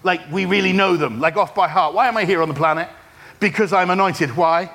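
Middle-aged male pastor, high-pitched voice, lively sermon delivery with jokes and call-and-response. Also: a little fast. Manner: animated preaching with humor and audience call-and-response. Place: church service.

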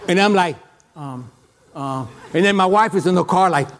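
A middle-aged man with a foreign accent preaching a sermon and telling a personal story in an animated way, with many halting restarts. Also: sits high.

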